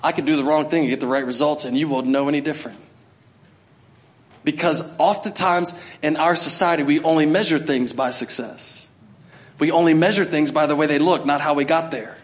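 A man's voice: a little high, a little fast. A middle-aged man preaching a sermon to his church, talking conversationally and acting out scenes. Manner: conversational preaching, acts out voices, builds to shouting. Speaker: pastor.

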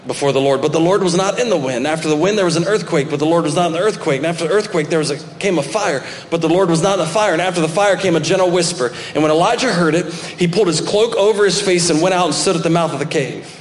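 A male pastor delivers a sermon from the front of a church, reading scripture and then pressing his points with sudden emphatic lifts. His voice sits slightly high for a man. The sanctuary rings with a long, roomy reverb over a faint hum of ambience. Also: fast. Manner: preaching with rising emphatic bursts, reading scripture aloud.

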